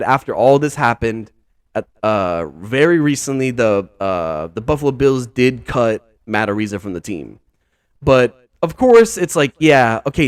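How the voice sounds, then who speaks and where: A man hosting a podcast talks in a loose, rambling way, stacking filler words and slang. He sounds incredulous and exasperated, and his voice sits mid-range in pitch. The recording is close and dry, with no room sound. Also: no room sound. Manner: rambling, heavy use of "like", "dude" and "bro". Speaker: podcast host. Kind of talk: casual podcast commentary.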